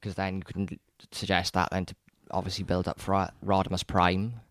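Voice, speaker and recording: Low-voiced male co-host, excited rambling chat, close and dry. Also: a little fast, dry recording. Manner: rambling, enthusiastic, frequent restarts and stammers. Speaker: podcast co-host. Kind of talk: casual chat about films.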